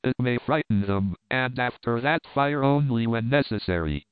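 A man voicing a bold, calm jungle hero who gives firm commands, on a dry recording. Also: mid-range voice, moderate pace, smooth, no room sound, lightly acted. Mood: commanding. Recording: dry, tinny phone-like sound.

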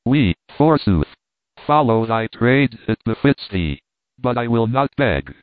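A man's voice: mid-range voice, sing-song, slow, no room sound. A man reading the part of a proud, impatient boy king dressed in rags. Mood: haughty. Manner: impatient, disdainful. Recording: dry, phone-like narrow sound.

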